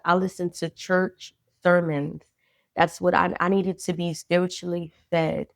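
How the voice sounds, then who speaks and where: A woman's voice: on the low side, little pitch movement, unhurried, gravelly, no echo, clean studio sound. A woman guest on a podcast, earnestly and reflectively telling her own story of loss, faith and healing. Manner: earnest, reflective, talks through grief and faith. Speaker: guest, clothing brand founder. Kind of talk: candid personal storytelling.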